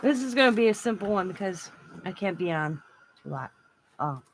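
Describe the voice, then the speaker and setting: A woman's voice: medium pitch, expressive, normal speed, a little hiss or hum, low-quality recording. A woman hosting a casual crafting livestream from her home craft room, chatting in a rambling way and laughing often. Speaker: craft channel host.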